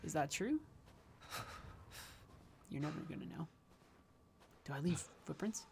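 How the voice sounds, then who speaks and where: A woman's voice: low voice, lively intonation, unhurried, creaky, a little mellow, slight background noise. A woman livestreaming a game, giving chatty, wry commentary with rambling asides. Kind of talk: casual gameplay commentary.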